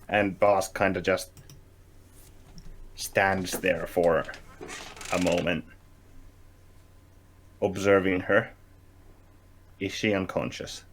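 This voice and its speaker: A man playing a tabletop game, describing his character's actions in a slow, deliberate way with pauses. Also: low-pitched, level tone, slight background noise. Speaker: player.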